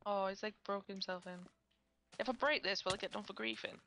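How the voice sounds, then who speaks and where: A woman, chatting excitably during a multiplayer game. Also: medium pitch, a little fast, a little hiss or hum. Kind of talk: casual gaming chat.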